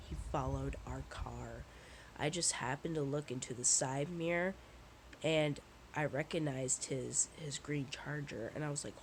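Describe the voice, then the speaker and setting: Her voice sits low and moves at a measured pace over a rough recording with a bit of hiss or hum. This woman vlogger recounts a personal story candidly, cursing often, sounding shaken, and rambling with restarts.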